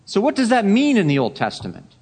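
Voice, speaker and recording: A man preaching a Sunday sermon, emphatic, repeating key phrases and dropping to a hush for effect. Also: high voice, wildly swooping pitch, fast, husky. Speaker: pastor.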